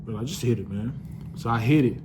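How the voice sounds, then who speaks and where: A man's voice: medium pitch, fast, background noise. A young man casually telling a personal story to the camera, loose and profane, with lots of restarts.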